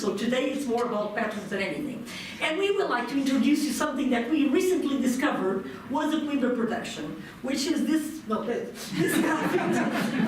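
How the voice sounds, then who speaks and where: A woman from Portugal with a Portuguese accent giving a chatty, self-correcting conference presentation, picked up by a distant mic in a lecture hall. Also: high-pitched. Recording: echoey hall from far off, audience noise.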